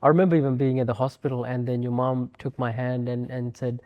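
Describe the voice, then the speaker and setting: A mid-pitched male voice, the host of a relaxed podcast chat. He backs his guest up with short, affirming replies and friendly, laid-back words. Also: fast talker, muffled recording. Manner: supportive, short affirming replies, says "bro". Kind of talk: casual conversation.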